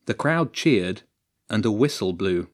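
Man, low voice, audiobook narrator, steady measured reading.

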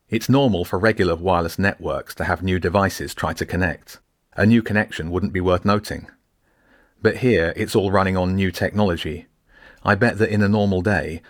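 A man's voice: low voice, dry recording, studio quality. A man voicing a curious, careful teenage schoolboy who explains his thinking in an audiobook.

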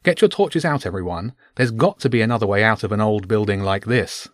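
A man's voice: lowish voice, a little fast, dry recording, studio quality, close to an everyday voice. A man voicing a confident young boy who encourages the others. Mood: encouraging.

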